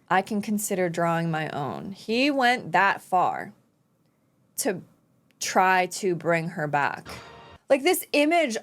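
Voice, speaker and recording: A woman hosting an anime reaction video, talking earnestly and emotionally about an episode, with sighs and exclamations. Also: medium pitch. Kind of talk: casual reaction commentary.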